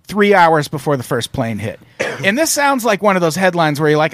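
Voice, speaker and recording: A man co-hosting a podcast in casual comedic chat, animated and sarcastic, swearing freely. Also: high-pitched, fairly quick, dry recording, studio quality. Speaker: podcast co-host.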